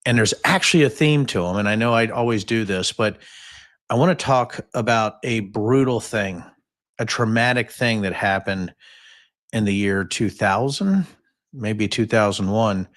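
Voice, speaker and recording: A podcast host in his fifties tells stories on a casual livestream, rambling and joking with plenty of fillers and asides. His voice is lowish and a bit bright, and he speaks at a measured pace.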